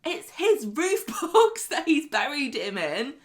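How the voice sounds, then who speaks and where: Lively opinionated woman. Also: sits high, slow. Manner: lively, opinionated, laughs often. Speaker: podcast co-host. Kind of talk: casual chat about a soap opera.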